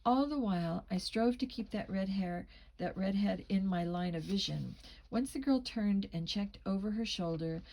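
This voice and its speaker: A woman's voice: mid-range voice, moderate pace, darkish tone, poor audio. A woman reading a teen mystery novel aloud as a first-person narrator, shading the dialogue with small voice changes. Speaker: audiobook reader. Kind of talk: amateur audiobook narration.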